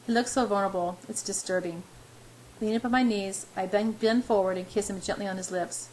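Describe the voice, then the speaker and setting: A woman reads a first-person story aloud in a plain, steady voice. Her pitch is mid-range for a woman. A faint background noise sits under the reading. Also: brisk, rough recording. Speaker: reader.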